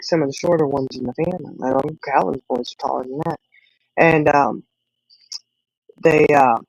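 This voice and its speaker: A woman's voice: low-pitched, darkish tone, dry recording, poor audio. A middle-aged woman, chatting casually with viewers and rambling through family stories with laughs. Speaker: livestream host.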